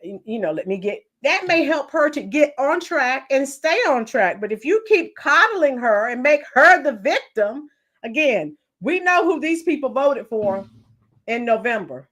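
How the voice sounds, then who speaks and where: A woman's voice: high-pitched, sing-song, a little slow, fairly bright tone. A woman hosting a live commentary stream, giving opinions and greeting chat viewers by name. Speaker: livestream commentary host.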